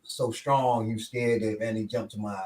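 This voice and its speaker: A man, telling a story in casual talk and acting out quotes with big pitch jumps. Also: level tone, a little fast, darkish tone, distant mic. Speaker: show instructor telling a story. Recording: echoey room, voice off-mic.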